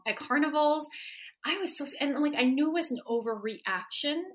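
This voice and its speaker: A woman in her forties, a healer and coach, talking casually in an interview, animated and laughing often as she acts out quoted dialogue. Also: high-pitched, normal speed. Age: 40s.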